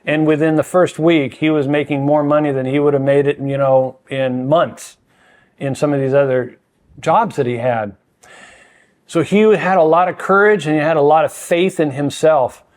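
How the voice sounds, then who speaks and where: An older man guesting on a podcast as a mentor, speaking in an earnest, measured, emphatic way. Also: a little high, fairly even intonation, darkish tone. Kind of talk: reflective conversation.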